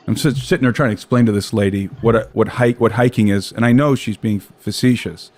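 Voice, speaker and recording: A man's voice: lowish voice, fast, darkish tone. An American man telling a long personal story in casual conversation, with frequent restarts and repeated words. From United States.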